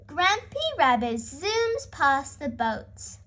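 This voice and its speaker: Expressive woman reading to kids. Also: high-pitched, slow pace. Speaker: storyteller. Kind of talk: children's read-aloud narration.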